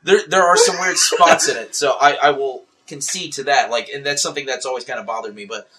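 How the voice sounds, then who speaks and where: Bright-voiced man arguing about comics. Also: mid-range voice. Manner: eager, defensive comics fan, quick to argue. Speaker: podcast host. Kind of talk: casual movie chat.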